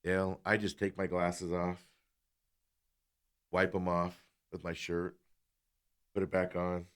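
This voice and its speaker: A man with a low, smooth voice hosts a talk show, speaking slowly as he spins a long story in casual conversation. He's animated, voicing both sides of every exchange.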